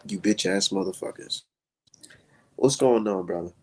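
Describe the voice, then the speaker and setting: A man hosting a live stream, ranting heatedly with lots of profanity and sudden jumps in pitch. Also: moderate pace, a little mellow, slight background noise.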